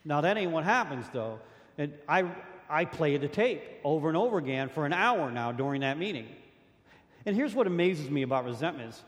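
Man telling his story in a reverberant hall. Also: on the high side. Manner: rambling, repeats words, acts out quotes. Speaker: speaker at a recovery meeting. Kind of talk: personal story talk.

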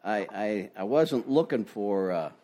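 An older man tells his recovery story at a meeting through an ear-worn headset mic, his voice on the low side, animated, unhurried and mellow. His personal testimony is folksy and self-deprecating, sprinkled with lots of "you know".

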